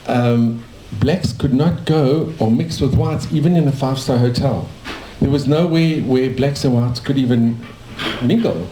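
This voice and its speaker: A man's voice: medium pitch, unhurried, few pauses, dark tone, a little hiss or hum. A man in his sixties from South Africa, a dentist telling his life story in a cafe in a rambling, anecdotal way. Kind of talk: casual storytelling to a small audience. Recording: echoey cafe room.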